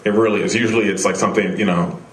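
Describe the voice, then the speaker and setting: A man's voice: lowish voice, steady tone, racing, reverberant, a little hiss or hum. A young man doing a live stand-up set on a small club stage, rambling and self-deprecating, with many restarts. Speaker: stand-up comedian. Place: small comedy venue stage.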